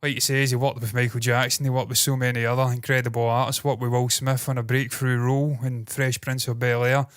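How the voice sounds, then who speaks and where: A man's voice: mid-range voice, flat delivery, fairly quick, few pauses, clear, resonant tone, no room sound. A man in his thirties co-hosting a casual podcast, rambling, laughing and swearing freely. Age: 30s. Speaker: co-host. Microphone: loose desk mic.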